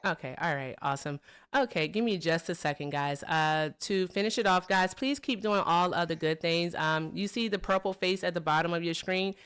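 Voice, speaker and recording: A woman's voice: fairly low pitch, moderate pace, a bit bright, clear, resonant tone. A woman hosting a live political call-in stream, chatty and upbeat, greeting viewers and callers. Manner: chatty, upbeat, says y'all. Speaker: livestream host. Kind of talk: casual livestream chat.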